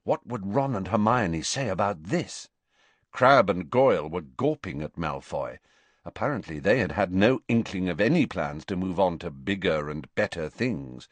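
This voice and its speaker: A man narrating an audiobook with expressive, animated storytelling. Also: sits low, moderate pace, no room sound. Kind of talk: scripted narration.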